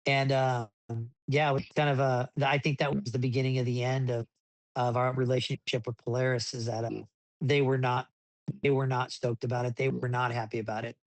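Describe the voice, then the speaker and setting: A man telling racing stories in a casual interview, rambling with many restarts and getting animated as he recounts events. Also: medium pitch, a little fast, dry recording. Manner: rambling with frequent restarts, animated when retelling. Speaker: desert racing driver, podcast guest.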